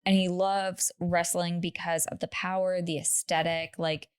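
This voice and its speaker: Woman, podcast co-host, lowish voice, chatty storytelling, casual filler words. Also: flat delivery, measured pace, clean tone. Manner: chatty, laughing asides, lots of "like". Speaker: podcast co-host telling a true-crime story.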